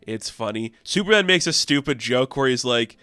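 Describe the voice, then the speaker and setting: Brief: enthusiastic male comic reviewer, smooth clear voice, dry close sound. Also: mid-range voice, expressive, moderate pace, sharp tone, no echo, faint music behind. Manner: chatty, enthusiastic, laughs often.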